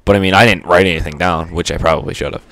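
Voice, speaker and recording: A man's voice: low-pitched, steady tone, rapid-fire, gravelly, a bit bright, no echo. A man giving unscripted gameplay commentary, rambling and stuttery with lots of fillers and casual swearing. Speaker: gaming commentator.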